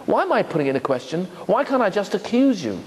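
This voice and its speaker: A man's voice: sits high, fast, in a large hall, slight background noise. A man, a rabbi, giving a lecture on Torah and acting out the voices he quotes. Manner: animated, acts out quoted voices.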